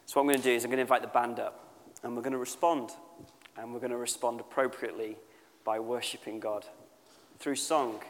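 A man preaching to a church congregation in an earnest, conversational tone. His voice sits at an ordinary middle pitch, and he slows down to press his key points. A long reverb trails each phrase, as in a large hall. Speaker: church speaker. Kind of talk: sermon. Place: church service with a live band.

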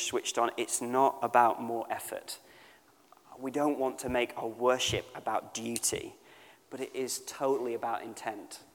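A man giving a sermon at a church service, talking in an earnest, conversational way and slowing down to stress key points. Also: medium pitch, big-room sound. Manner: conversational and earnest, slows down for emphasis. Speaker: church speaker. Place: church service with a live band.

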